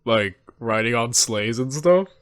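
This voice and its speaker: A man in his twenties hosting a movie reaction, talking in a rambling, halting, heartfelt way from home. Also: mid-range voice, lively intonation, fairly bright tone, no echo, clean studio sound. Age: 20s. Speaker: reaction video host. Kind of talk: casual reflective commentary.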